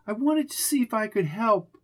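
A man's voice: high-pitched, animated, fairly bright tone, pitched above the performer's own voice. Man voicing a shaky, grieving society woman. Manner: shaky, halting delivery. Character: grieving older society woman, fretful and teary. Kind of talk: audiobook character voice.

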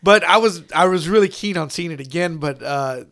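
A man with a fairly high, gravelly voice talks loosely about films, swearing freely and restarting his sentences. He chats in a relaxed, casual way. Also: normal speed. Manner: loose, profane, rambling with restarts. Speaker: podcast co-host, parent. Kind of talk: casual movie chat.

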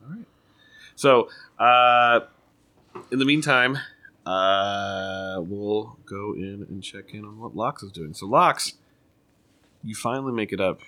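A man's voice: fairly low pitch, slow, long pauses, pushed and bright. A man narrating a tabletop game as game master, in loose, rambling talk.

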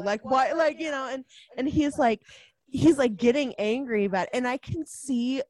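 A woman in casual conversation about a film, animated, laughing often and acting out characters' lines. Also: high-pitched, normal speed, dry recording. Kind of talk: casual movie discussion.

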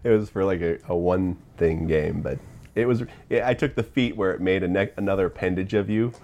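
A man's voice: low voice, brisk, darkish tone, highs cut off. A man chatting casually with friends about a tabletop game, joking, laughing often and tripping over his words. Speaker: player.

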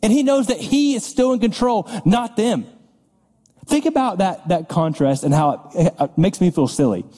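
A man's voice: high voice, moderate pace, dark tone. A man pastor preaching a sermon in a conversational way, often repeating words and laughing lightly as he talks. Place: church sanctuary. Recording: long reverb of a large hall.

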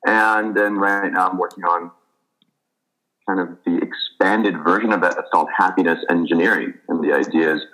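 Man, very low voice, interview guest, measured, thoughtful. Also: fairly even intonation, sharp tone, poor audio. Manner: thoughtful, measured, with fillers and restarts. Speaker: author and physician, guest. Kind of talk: interview conversation, storytelling.

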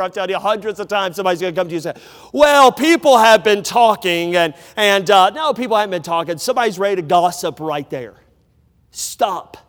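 A man preaching a sermon to a large gathering, emphatic, swinging from loud declarations to hushed asides. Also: high-pitched. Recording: long hall reverb.

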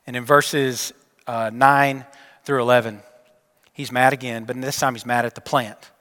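A man preaching a sermon, telling a story and asking his listeners questions, often dropping to a hushed voice to close a point. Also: mid-range voice, steady tone, measured pace. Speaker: pastor. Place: church sanctuary. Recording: long church hall reverb.

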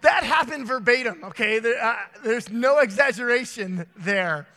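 A young adult man preaching a sermon to his church, telling stories with animated voices. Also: very high-pitched, normal speed. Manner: storytelling with animated voices and laughter. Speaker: pastor. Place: church auditorium. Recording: long church hall reverb.

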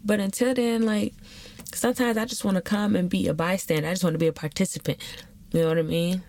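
A woman's voice: mid-range voice, fairly even intonation, quick pace, a little mellow. A young woman hosting a podcast, talking candidly and animatedly in slangy casual chat. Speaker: podcast host.

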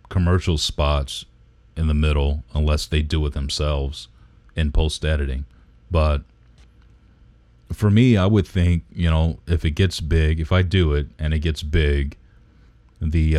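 A man's voice: rumbling low, darkish tone, dry recording. A man co-hosting a podcast, talking in an emphatic, preachy way with casual swearing. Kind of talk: casual chat.

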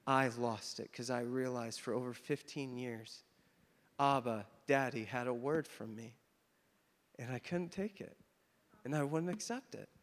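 A man preaching a sermon, telling a story with animated emphasis, then leading communion. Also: medium pitch. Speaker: pastor. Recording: long hall reverb.

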